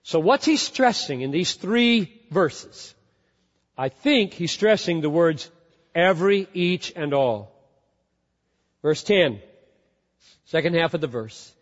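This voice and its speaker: A man preaching a sermon as pastor, emphatic, repeating key words and swinging from loud to hushed. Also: fairly high pitch, big pitch swings, slow pace, long pauses. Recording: dull lo-fi sound with long hall reverb.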